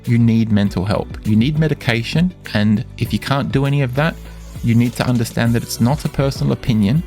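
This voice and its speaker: A man speaking insistently to camera in a monologue, repeating and slowly stressing his words. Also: mid-range voice, a little mellow. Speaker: vlogger addressing his stalker. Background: music.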